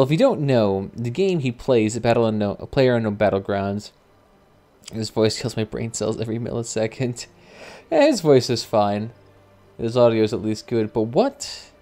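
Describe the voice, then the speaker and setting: A man's voice: mid-range voice, a little mellow. A man streaming and giving casual, wry commentary that rambles and corrects itself as it goes. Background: faint background music.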